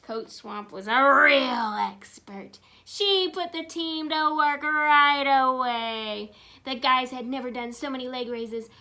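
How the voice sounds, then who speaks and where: A woman reading a children's picture book aloud, animated and asking her listeners questions. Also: sits high, slow. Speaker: storyteller.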